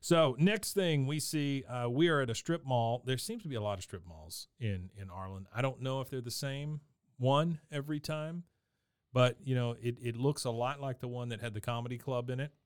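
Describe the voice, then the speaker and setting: A man's voice: mid-range voice, normal speed, clear, resonant tone, no echo, studio quality. A man co-hosting a podcast, casually retelling cartoon scenes and briefly mimicking the characters. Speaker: podcast co-host. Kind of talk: casual episode recap chat.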